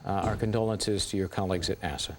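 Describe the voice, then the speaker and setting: A man's voice: sits low, steady tone, quick pace. A man anchoring live breaking news coverage, asking probing questions that run long with restarts.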